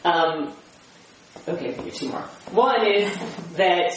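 A speaker sharing personal reflections in a spiritual group discussion, searching for words and often restarting. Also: medium pitch. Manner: searching, halting, with many restarts. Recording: echoey room, distant mic, faint hum.

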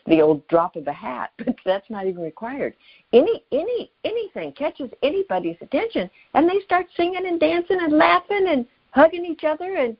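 Musing woman on call-in radio. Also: husky. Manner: musing, laughs often, lively pitch. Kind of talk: reflective call-in radio talk. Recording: dull lo-fi radio sound.

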